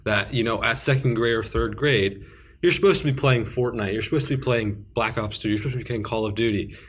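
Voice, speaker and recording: A man's voice: lowish voice, a little fast, slight background noise. A teenage man co-hosting a podcast, reflective and questioning about culture. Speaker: podcast co-host. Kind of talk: casual discussion.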